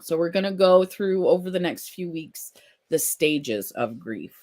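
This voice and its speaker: A live-stream host reading viewer comments aloud in a casual chat and answering gently and supportively, with frequent ums and restarts. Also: mid-range voice, lively intonation, unhurried.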